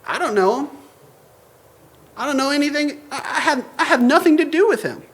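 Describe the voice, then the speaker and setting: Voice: mid-range voice, very animated, normal speed, fairly bright tone. A preacher acting out a frightened grown man who stammers through flustered denials. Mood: panicky.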